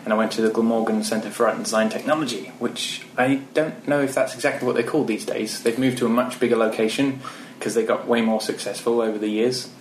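A man's voice: mid-range voice, fairly even intonation, fast talker, hardly any pauses, a little hiss or hum. A British man giving a casual, rambling interview answer with many ums. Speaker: guest. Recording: roomy echo.

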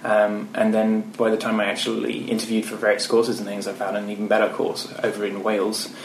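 A man's voice: lowish voice, completely flat delivery, fairly quick, vocal fry, a little hiss or hum. A British man giving a casual, rambling interview answer with many ums. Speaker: guest. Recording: roomy echo.

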